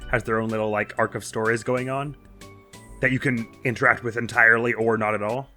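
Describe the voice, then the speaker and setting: Brief: wry let's-play host, casual thinking-aloud commentary, sharp bright voice. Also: male voice, medium pitch, flat delivery, fairly quick, faint music behind.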